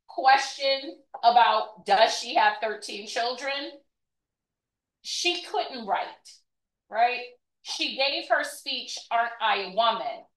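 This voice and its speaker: A woman's voice: on the high side, fairly bright tone. A woman giving a conversational history talk as a presenter, chatty and often checking in with "right?". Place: event room. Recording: echoey room, mic far off.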